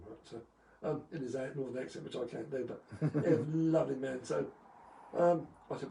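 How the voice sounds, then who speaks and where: Speaking a little fast with vocal fry and a warm, mid-range voice, this man, once a motocross champion, spins casual, rambling anecdotes on a live video call, chuckling and using lots of fillers. The recording is echoey, from a distant mic, with faint noise.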